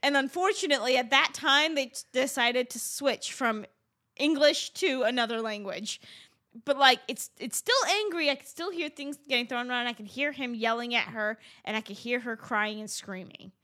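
A podcast co-host with a bright, slightly high voice tells a story at a normal pace in casual chat. She's an animated storyteller who acts out the quotes.

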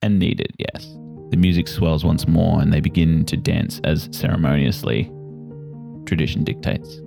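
A man narrating a tabletop game as game master in a relaxed, descriptive way. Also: a bass voice, normal speed, gravelly, music in the background.

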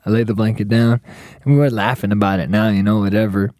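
A young man spins a rowdy, profanity-laced story for his friends, slipping into the voices of the people in it. His voice is dark and mellow, recorded dry and close. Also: fairly low pitch, quick pace, no room sound. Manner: profane, animated, acts out quotes.

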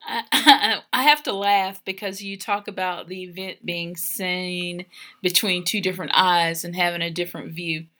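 Bright, expressive married woman. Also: fairly low pitch, unhurried. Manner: warm, laughing, expressive storyteller. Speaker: podcast co-host. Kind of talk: casual chat about marriage.

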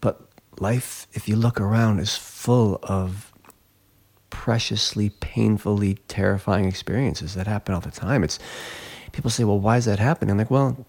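Earnest low-voiced man telling his story. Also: normal speed, slightly rough. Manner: earnest, reflective, lively when retelling stories. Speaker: guest; glassblower. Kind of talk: emotional personal storytelling.

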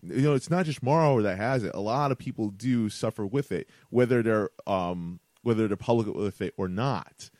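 A man's voice: on the low side, normal speed, hardly any pauses, darkish tone, no echo. A man co-hosting a casual podcast, often stumbling and repeating words as he thinks aloud. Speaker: podcast co-host. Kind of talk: casual chat.

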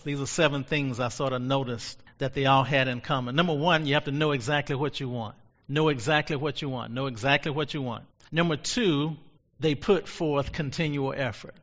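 Male pastor with a bright, forceful voice, fervent and repetitive, in a dull lo-fi recording. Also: a little high. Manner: fervent, repeats phrases for emphasis. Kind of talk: sermon. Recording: long hall reverb, dull lo-fi sound.

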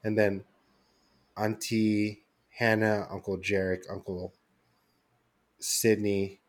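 A young man with a somewhat low voice chats loosely on a podcast. He tells his story in loose, meandering fashion, stopping and restarting often and leaning on filler words. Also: flat delivery, slow. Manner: rambling storytelling with many fillers. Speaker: podcast co-host. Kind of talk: casual chat.

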